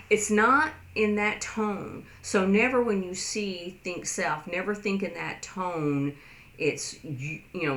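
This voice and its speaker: Slow-talking woman teaching in an echoey room. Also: a bit bright. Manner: rambling, many fillers, acts out quoted lines in a higher voice. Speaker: sign language teacher. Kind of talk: casual explanatory lesson.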